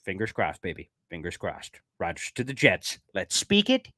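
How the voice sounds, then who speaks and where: A man giving casual commentary in a video, excitable, and he talks straight to his viewers. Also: low-pitched, normal speed, no echo, studio quality. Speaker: sports commentator.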